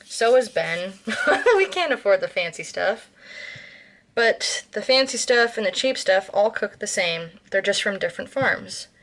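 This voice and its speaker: An American woman talks her way through a home cooking vlog in a loose, rambling way. She fills gaps with ums, restarts her sentences and corrects herself as she goes. Her voice sits at an ordinary middle pitch for a woman. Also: sing-song, a little slow, a bit bright. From United States. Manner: rambling, chatty, with frequent ums and self-corrections. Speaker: vlogger. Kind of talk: casual cooking vlog chat.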